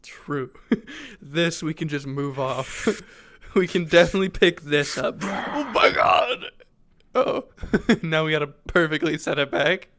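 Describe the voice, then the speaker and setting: A man streaming a roleplay session, chatting casually out of character with excitable, giggly banter. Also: on the high side, unhurried.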